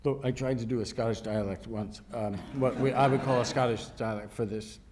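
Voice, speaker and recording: A man's voice: mid-range voice, fairly even intonation, a little fast, noisy background. A man being interviewed on stage at a live event, telling self-deprecating anecdotes and laughing through them. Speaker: actor and director guest at a festival talk.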